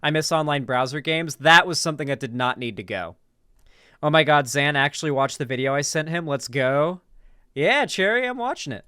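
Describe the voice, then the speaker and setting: Smooth-voiced young man rambling casually. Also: on the high side, fairly quick, sharp tone, dry recording, studio quality. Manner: rambling, many fillers and restarts. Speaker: streamer reacting to a video. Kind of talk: casual live commentary.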